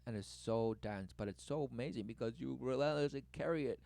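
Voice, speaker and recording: A man's voice: mid-range voice, fairly quick, vocal fry, dark tone, no echo. A man giving rambling spoken commentary, free-associating and circling back to the same words. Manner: repetitive, free-associating, says "relentlessly" a lot; mimics others in a raised voice when quoting them.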